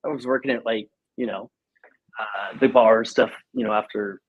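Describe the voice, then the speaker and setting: Husky-voiced man telling a lively story. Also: fairly low pitch, moderate pace, phone-quality sound. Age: 30s. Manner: animated, acts out quoted speech, laughs often. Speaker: podcast guest, company president. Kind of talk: casual storytelling.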